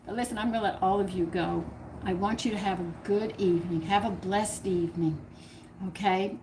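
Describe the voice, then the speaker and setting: An older woman hosting a cooking channel rambles through a personal story for her viewers, chatting, laughing often, and acting out what others said. Her medium-pitched voice is fairly even and brisk, with background noise present.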